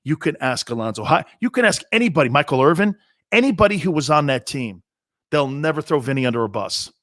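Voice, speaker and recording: A man's voice: medium pitch, a bit bright, dry recording, clean studio sound. A man in his fifties hosting a sports talk show, telling stories in a blunt, fired-up way, often repeating himself and cutting in with asides. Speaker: sports radio host. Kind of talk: opinionated talk-show monologue.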